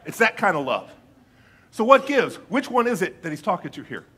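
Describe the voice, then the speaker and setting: A male pastor giving a conversational sermon with playful asides, reading scripture slowly and deliberately. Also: high voice, sing-song, pushed and bright, breathy edge.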